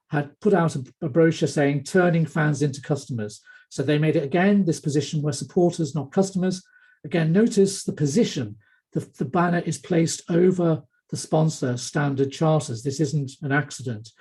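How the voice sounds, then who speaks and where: A man's voice: on the high side, moderate pace, warm tone, slightly rough. A man giving an online academic lecture, talking with many hesitations and restarts. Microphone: computer mic on a video call.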